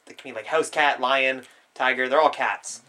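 A man in casual chat, tossing in dry quips and quick asides. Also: medium pitch, pushed and bright.

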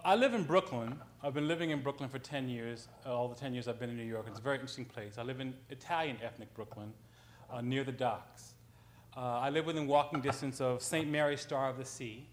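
A man on a panel, a writer, telling an anecdote in a conversational way, with frequent ums and self-corrections. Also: mid-range voice.

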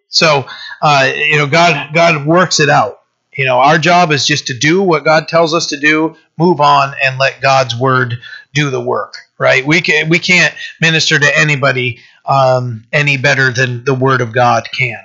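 A male pastor gives a casual, conversational Bible teaching sermon and keeps checking in with his listeners. His voice is fairly high, bright and forceful. The recording is dull and lo-fi. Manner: conversational, often checks in with "right?" and "you know".

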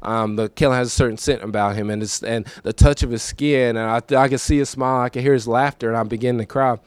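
A man in his thirties gives a testimony sermon in a church, speaking at an ordinary mid pitch. He talks casually and repeats himself, then swells into emphatic, preacherly lines. The close recording is dry, with little room sound. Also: steady tone, quick pace, clear, resonant tone, no echo. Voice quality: conversational, emotional, repeats himself. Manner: swings from quiet recollection to raised emphatic preaching.

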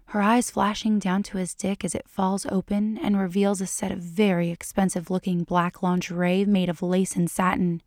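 Female storyteller, measured and even, low register, dry recording. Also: no echo. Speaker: narrator. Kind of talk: reading fan fiction aloud.

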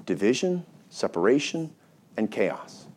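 A man's voice: mid-range voice, big pitch swings, unhurried, darkish tone. Man preaching with rhetorical questions. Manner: rhetorical questions, call-and-response with congregation. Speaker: pastor. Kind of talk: sermon. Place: church.

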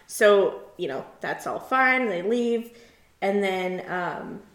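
A woman's voice: medium pitch, animated, slow, fairly bright tone, roomy sound. A woman co-hosting a casual recap podcast, chatty, with many filler words and easy laughs. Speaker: podcast co-host. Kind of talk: casual chat recapping a reality show.

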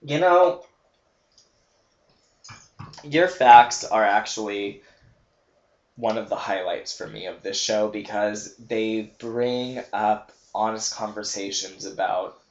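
A man co-hosting a podcast in casual chat, relaxed and rambling with fillers. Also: fairly low pitch, slow, long pauses. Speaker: podcast co-host. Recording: roomy, slightly dull home podcast audio.

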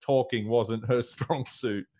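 A man co-hosting a relaxed podcast conversation. He keeps slipping in jokes and laughs through his remarks, with an easy, conversational delivery. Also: mid-range voice, slow. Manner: laughing, joking asides. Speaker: podcast co-host. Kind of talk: casual chat.

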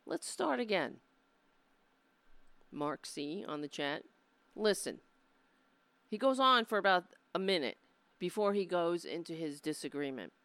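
Unhurried and leaving long pauses, a woman with a fairly low voice hosts a live political commentary stream in a dry recording. She swears often and comes across as exasperated, mocking, and animated.

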